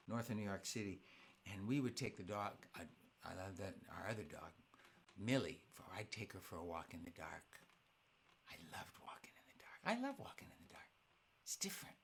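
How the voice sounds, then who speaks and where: Animated, bright-voiced children's entertainer chatting. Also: male voice, mid-range voice, breathy edge. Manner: playful, storytelling, reads viewer comments aloud. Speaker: children's musician hosting a live family concert. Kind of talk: casual chat with online audience.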